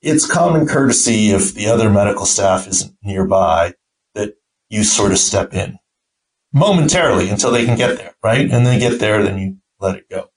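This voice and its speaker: A man's voice: fairly low pitch, animated, moderate pace, poor audio. A middle-aged man, a podcast host and team doctor, telling an anecdote in a casual way and acting out the quoted voices. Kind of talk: casual storytelling.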